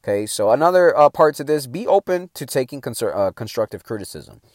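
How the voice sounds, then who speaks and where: A man's voice: mid-range voice, big pitch swings, a little fast, no echo, clean studio sound. A middle-aged man giving a motivational talk in a casual, slangy, emphatic way, swearing freely. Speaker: motivational speaker.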